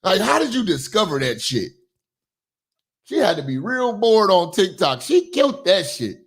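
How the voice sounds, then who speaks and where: A man giving loud, profane reaction commentary that keeps bursting into shouts. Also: sits high, big pitch swings, moderate pace, husky.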